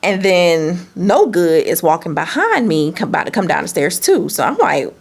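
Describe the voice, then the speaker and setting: A woman telling a candid, animated personal story in a vlog, swearing freely. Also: lowish voice, moderate pace, vocal fry, breathy edge. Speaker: business owner and vlogger.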